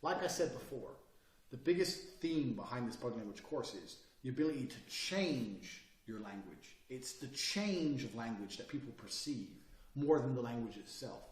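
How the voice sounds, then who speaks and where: A man's voice: medium pitch, animated, normal speed. A man teaching a recorded course in a swaggering, boastful and profane manner. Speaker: course instructor. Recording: roomy echo, mic set far off.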